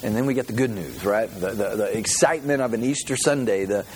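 A male pastor giving a conversational, animated sermon and asking the congregation questions. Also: lowish voice, brisk, a little hiss or hum.

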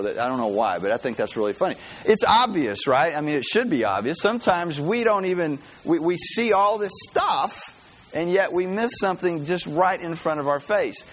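A man's voice: fairly high pitch, rough recording. A man preaching a sermon, talking in a folksy, conversational way and telling jokes along the way. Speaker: pastor.

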